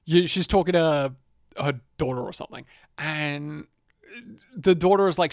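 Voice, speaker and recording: A man's voice: on the high side, measured pace, long pauses, no echo. Man's rambling, swearing banter in a dry, close room. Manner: rambling, swears a lot, loud comic outbursts. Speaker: podcast co-host. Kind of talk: casual banter.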